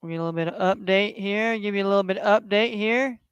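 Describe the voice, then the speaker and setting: A man's voice: sits high, fast, few pauses, a bit bright, clean tone, no room sound. A middle-aged man hosting his own sports livestream, talking bluntly with heavy cursing and lots of repetition, sometimes heated when he gets passionate. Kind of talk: solo livestream rant and score updates.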